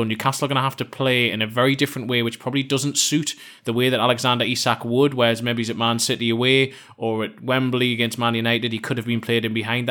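Male football writer, quick monotone delivery, analytical. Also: mid-range voice. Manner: analytical, steady explanation. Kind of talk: casual podcast discussion.

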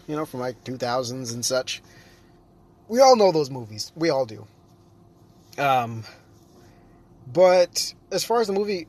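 A young adult man chatting casually on his own, rambling with lots of fillers and restarts. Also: fairly high pitch. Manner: rambling, self-correcting, frequent fillers. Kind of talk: casual solo chat.

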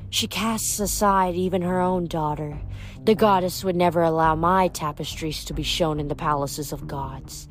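Bitter monster spider, slow and hissing, read by a woman with a low voice. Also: fairly even intonation, soft background music, lightly acted. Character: bitter vain giant female spider weaver. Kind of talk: audiobook reading.

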